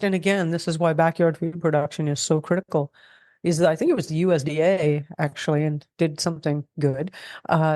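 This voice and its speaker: A middle-aged woman talking casually as a guest, animated and rambling with many restarts. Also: deep voice, no echo. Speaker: guest expert on food self-reliance. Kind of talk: casual interview talk.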